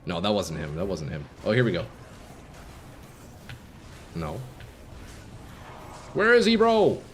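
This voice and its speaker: A man streaming live gameplay, commenting casually to his viewers and swinging from calm explanation to excited shouting. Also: sits low, slow pace, a little hiss or hum. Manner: casual, profane, addresses chat as boys.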